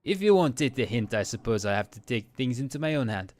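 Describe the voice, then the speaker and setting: A man's voice: mid-range voice, big pitch swings, brisk, darkish tone, lightly acted. A man voicing a haughty, mean French house cat in a fake French accent, sneering and theatrical. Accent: put-on French.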